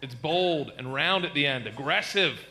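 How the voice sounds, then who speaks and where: A male stand-up comedian telling brash, animated stories with big shouted punchlines, recorded live on a comedy stage through a handheld stage mic. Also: on the high side, normal speed. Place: comedy stage in front of an audience.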